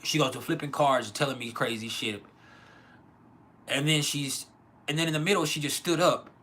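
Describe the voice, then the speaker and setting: A man's voice: on the high side, fairly even intonation, normal speed, sharp tone. A man hosting his own channel, telling a personal story in a candid, profane, rambling way with many restarts. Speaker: channel host.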